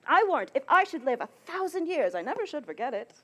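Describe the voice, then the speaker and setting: A woman's voice: high voice, big pitch swings, fast, bright, forceful tone, full character voice. A woman playing a garrulous, bawdy old nurse who rambles and laughs, acting Shakespeare on an outdoor stage. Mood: chattering. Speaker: stage actor.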